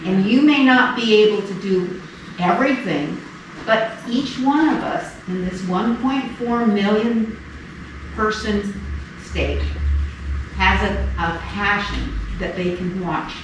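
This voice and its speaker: Earnest woman candidate in an echoey hall. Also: mid-range voice. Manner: earnest, halting with fillers. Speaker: political candidate. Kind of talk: campaign speech at a meeting. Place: meeting room. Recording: echoey room, distant mic, noisy.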